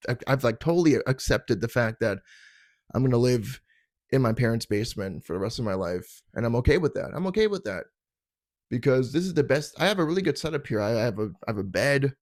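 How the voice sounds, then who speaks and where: In a mid-range voice, a young adult Canadian tells casual comedic stories on the podcast he hosts from his parents' basement. He rambles, puts himself down and trips over words, captured in clean studio sound without room noise.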